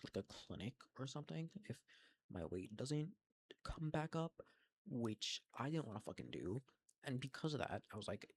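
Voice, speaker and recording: An eighteen-year-old man in a casual, profane, rambling monologue, full of halting restarts. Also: mid-range voice, husky. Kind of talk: casual venting monologue to camera.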